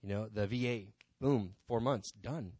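A church member speaking from the pulpit in the sanctuary gives an informal testimony. His lowish, dark-toned voice is unhurried, with no echo, and he talks conversationally, rambling with many asides.

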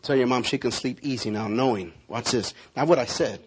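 A man preaching a sermon, speaking prophetic words over a congregation member and telling lively stories. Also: medium pitch, a little fast, husky. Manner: animated storytelling with prophetic declarations. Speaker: pastor.

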